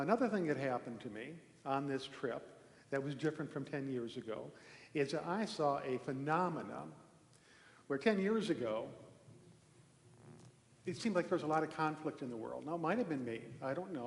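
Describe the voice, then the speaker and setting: Man, minister, easygoing anecdotal sermon, roomy reverberant hall. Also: on the high side. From Norway. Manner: relaxed storytelling, with pauses and restarts. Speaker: minister giving a talk. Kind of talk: conversational sermon with a personal story. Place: large echoey temple hall. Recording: echoey hall with long reverb.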